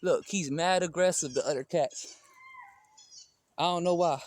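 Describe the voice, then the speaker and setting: A vlogger chats casually and with slang while outdoors in a backyard, calling out to a cat. His voice is on the high side and his pace unhurried.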